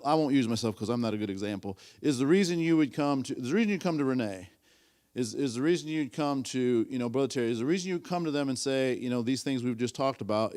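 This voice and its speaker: Lively-voiced man teaching a church class. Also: medium pitch. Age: 50s. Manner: rambling, repeats himself, asks the class questions. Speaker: Sunday school teacher.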